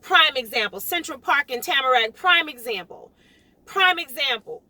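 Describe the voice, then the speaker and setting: A middle-aged woman realtor from South Florida, ranting in a vlog with emphatic, animated delivery and repeating lines for emphasis. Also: sits high, normal speed, no echo. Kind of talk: impassioned vlog rant.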